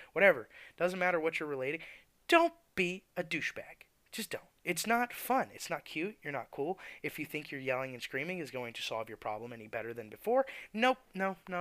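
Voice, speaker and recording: A man's voice: on the high side, a bit bright, no echo. A man who works at a tire shop, ranting bluntly and cursing about rude customers. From Florida. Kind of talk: profane venting rant.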